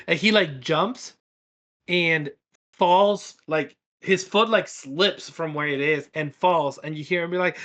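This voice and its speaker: A man's voice: fairly high pitch, takes it slowly, sharp tone, lo-fi sound. A man narrating a tabletop game as game master, rambling with lots of fillers and restarts.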